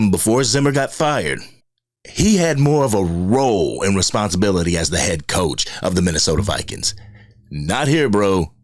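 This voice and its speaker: Deep-voiced man ranting about football. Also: dry recording, clean studio sound. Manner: animated, blunt, slangy. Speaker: sports video host. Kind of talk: casual fan commentary.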